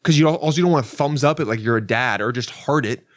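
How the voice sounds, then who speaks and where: A man's voice: mid-range voice, fast, no room sound. Rambling comedian man, dry close sound. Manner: rambling and self-interrupting, with frequent restarts; loose and profane, with wry asides. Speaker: podcast host and comedian. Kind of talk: casual solo podcast monologue.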